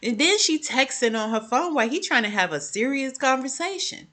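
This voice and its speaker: An animated young adult woman recaps TV episodes in a casual vlog, speaking straight to her viewers. Her voice is bright and forceful, and her pitch leaps up whenever she reacts. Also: a little fast. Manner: jumps high in pitch when reacting. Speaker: TV show reviewer.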